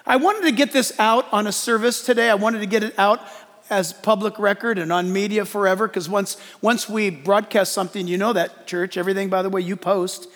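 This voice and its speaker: High-voiced preacher man, long reverb. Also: fairly quick. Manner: animated preaching with jokes and acted-out quotes. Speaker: pastor. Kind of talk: sermon. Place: church.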